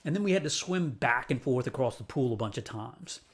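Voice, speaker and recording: A man from New Orleans telling a personal childhood story with a lesson, in an animated and playful way. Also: medium pitch, fairly quick. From New Orleans, USA.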